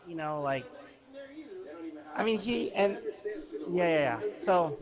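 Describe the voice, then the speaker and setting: Man, casual streamer chat, meandering and full of ums, swooping pitch, crowd chatter in the background. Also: poor audio. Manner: meandering, full of fillers and restarts. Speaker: livestreamer. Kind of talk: rambling casual storytelling.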